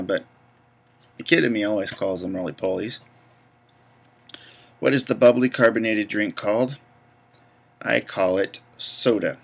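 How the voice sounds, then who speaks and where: This Georgia-born vlogger speaks with a Southern accent in a fairly low, fairly bright voice touched by vocal fry. He's young and easygoing, rambling casually through his video while reading out a list of words.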